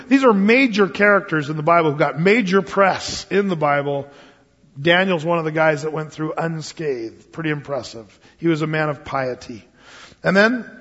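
A man teaching a Wednesday night Bible study as a pastor, telling stories with lively acted-out quotes. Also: fairly high pitch. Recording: dull lo-fi sound with long hall reverb.

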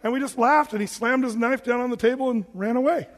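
A pastor preaching a sermon in a joking, animated way, acting out quoted voices as he goes. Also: very high voice, fast. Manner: jokey, acts out quoted voices; self-described big guy. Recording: long reverb of a large hall.

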